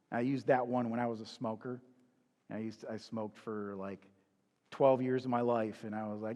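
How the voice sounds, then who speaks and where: A man's voice: mid-range voice, normal speed, long pauses, in a large hall. A man preaching in a conversational, confessional way, asking the listener rhetorical questions. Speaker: pastor. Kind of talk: sermon.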